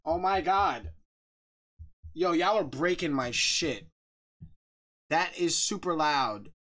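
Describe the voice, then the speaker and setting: Man, game streamer, casual live chat, shout-outs to viewers, jokey, laughs a lot, loud excited bursts. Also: a little high, takes it slowly.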